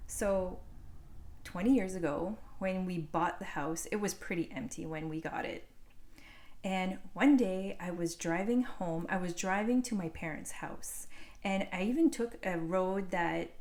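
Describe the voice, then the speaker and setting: A woman's voice: fairly low pitch, measured pace, darkish tone. Woman, 40s, knitting podcast host, casual rambling chat, lots of fillers, recorded on a phone. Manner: rambling, with many fillers and restarts. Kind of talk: casual chatty storytelling.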